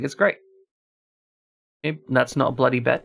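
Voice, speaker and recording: A man's voice: medium pitch, normal speed, vocal fry, long pauses, a bit bright. A man streaming a horror game, talking casually through a puzzle and chatting to his viewers as he plays. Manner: thinks aloud while solving a puzzle, chats to viewers. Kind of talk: casual gameplay commentary.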